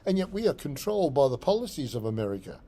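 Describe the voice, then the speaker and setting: A man's voice: on the high side, sing-song, fast talker, dark tone. An Australian man, a psychic medium, talking through a rambling solo blog monologue and often repeating his phrases.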